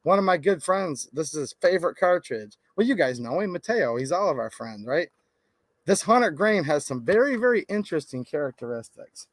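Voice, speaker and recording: Man, thirties, casual rambling host, higher pitch, dry room. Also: lively intonation, moderate pace, no echo. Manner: rambling, laid-back, lots of "like". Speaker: gun channel host. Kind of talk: casual venting to camera.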